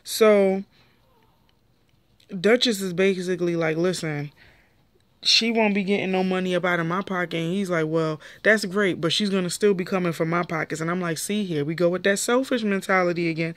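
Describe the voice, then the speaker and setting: A young woman gives a casual, opinionated recap of a reality TV episode. She talks in a lively way and jumps up in pitch whenever she quotes someone. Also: normal speed, no echo. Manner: animated, opinionated, jumps pitch when quoting people. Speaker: show reviewer.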